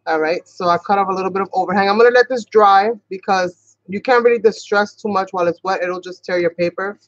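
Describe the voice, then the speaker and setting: A talkative woman from New York with a Boston-sounding accent rambles cheerfully through a craft tutorial livestream. Her voice sits at a middling pitch and sounds close and dry. The recording is a little dull and muffled. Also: no echo. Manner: chatty, rambling, talks fast at times. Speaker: craft channel host.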